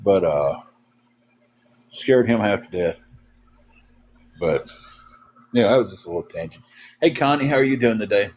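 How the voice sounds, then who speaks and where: Low-voiced man telling rambling stories. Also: expressive, a little mellow, a little hiss or hum. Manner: rambling, folksy, lots of fillers; drawn-out, tired. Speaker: livestream co-host. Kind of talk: casual livestream chat, storytelling.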